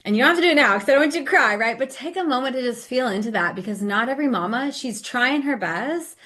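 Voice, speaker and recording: A woman's voice: sits high, lively intonation, fast, bright, forceful tone. A middle-aged woman hosting an interview podcast, effusive, enthusiastic and motivational in casual chat. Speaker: podcast host and coach.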